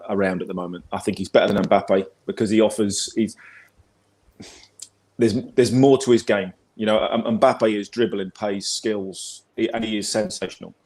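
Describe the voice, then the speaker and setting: His voice sits low and carries a slight mellowness. He's an English-accented man in his forties, a football pundit guest on a video call who chats casually, wanders off track, and says the same words more than once.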